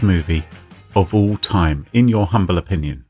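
A man's voice: low voice, normal speed, mellow, soft background music. A man co-hosting a podcast, playful and jokey in casual chat. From Britain. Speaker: podcast co-host.

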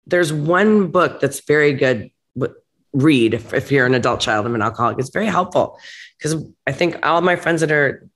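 A woman's voice: deep voice, animated, normal speed. A woman who owns a restaurant, talking bluntly and emphatically as a guest in a candid interview. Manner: blunt, emphatic, gets heated and laughs it off. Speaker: restaurant owner, podcast guest.

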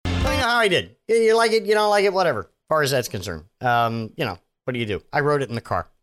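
A man's voice: fairly high pitch, animated, quick pace, fairly bright tone. A man hosting a podcast, talking in a loose, offhand way with plenty of swearing. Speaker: podcast host. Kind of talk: casual chat.

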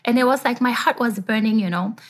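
A woman's voice: a little high, fast. A middle-aged woman, a mother and panel guest, telling a personal story in a reflective way, with light laughs between thoughts.

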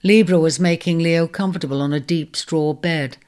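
Low-voiced woman reading a storybook. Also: normal speed, a little mellow. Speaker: narrator. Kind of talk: storybook narration.

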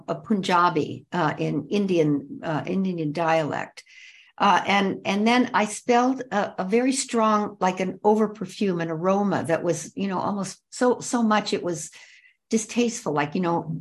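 An older woman tells a personal story as a guest. She piles up details and leans hard on repeated words. Her pitch sits in an ordinary middle range. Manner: vivid, repetitive description with drawn-out emphasis.

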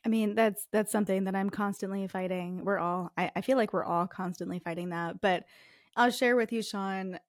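A woman's voice: medium pitch, fairly even intonation, normal speed, no room sound, studio quality. A woman in her thirties with a Northeastern US accent, a podcast guest telling her story in a candid, chatty way. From farming community in the US. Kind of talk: podcast interview.

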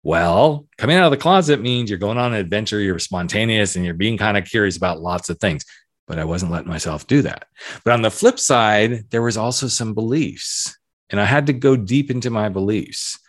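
A man's voice: lowish voice, expressive, brisk, no echo, studio quality. A man in his fifties with a light Southern accent, hosting a podcast in a candid, reflective monologue with emphatic repetitions. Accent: Southern American. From southern United States. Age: 50s. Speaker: podcast host.

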